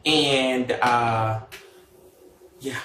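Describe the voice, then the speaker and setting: A man's voice: medium pitch, fairly even intonation, very slow, sharp tone, echoey room, far from the mic, slight background noise. A man chatting casually on a livestream, sassy and gossipy, with many fillers and asides.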